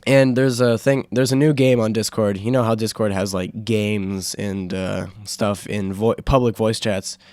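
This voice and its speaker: A young man hosting a casual solo podcast, rambling with fillers and restarts, his throat sore from yelling. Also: on the low side, no echo. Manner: rambling, full of fillers and self-corrections. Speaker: podcast host.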